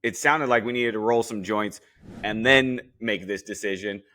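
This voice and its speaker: A man's voice: on the low side, normal speed, bright, forceful tone. A young man hosting a podcast, giving a blunt, joking recap of a cooking show and swearing freely as he talks straight at the contestants. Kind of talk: casual recap commentary.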